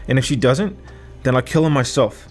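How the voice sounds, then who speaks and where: A man voicing a stern, commanding woman leader who speaks firmly and in measured tones in an audiobook. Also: mid-range voice, soft background music, close to an everyday voice. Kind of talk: audiobook character voice.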